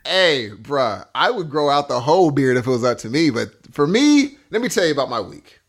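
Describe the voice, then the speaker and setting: Podcast dude in his 30s, slangy, rambles, voice bounces up and down a lot, a bit high. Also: very animated, brisk. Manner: slangy, rambling, says "G" and "bruh". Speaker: podcast co-host. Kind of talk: casual chat.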